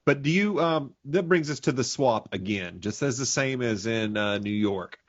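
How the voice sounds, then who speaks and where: A man co-hosting a casual movie review chat in a relaxed, agreeable way. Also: medium pitch, moderate pace, no room sound. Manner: relaxed, agreeable, short replies. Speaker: podcast co-host. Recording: dull lo-fi audio.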